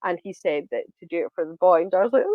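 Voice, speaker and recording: A woman's voice: lowish voice, fast, no room sound, dull audio. A woman podcast co-host recapping a TV episode in casual chat, retelling scenes with many ums and acting out the lines.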